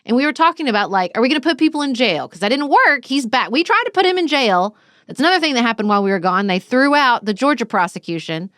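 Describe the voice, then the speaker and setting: A woman co-hosting a political podcast, talking in an animated way and thinking aloud. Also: a little high, fast, dry recording, studio quality. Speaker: podcast co-host. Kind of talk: casual political chat.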